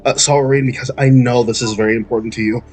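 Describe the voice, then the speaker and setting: A man's voice: mid-range voice, steady tone, fast talker, a little mellow, faint music behind. A man narrating as game master, loose and giggly, filling his talk with "like".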